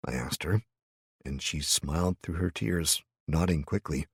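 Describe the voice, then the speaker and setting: Deep, husky audiobook narrator. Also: male voice, a little slow, no echo, studio quality. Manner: gruff, muttering delivery. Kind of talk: first-person audiobook narration.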